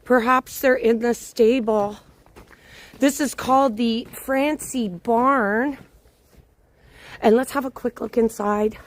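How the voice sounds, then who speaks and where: A woman with a slightly high voice hosts a live-stream walking tour, talking in an unhurried, drawn-out way. She chats casually and greets her viewers by name. She is recorded outdoors on a phone held in her hand. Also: fairly even intonation. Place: outdoors on a snowy city walk. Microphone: handheld phone.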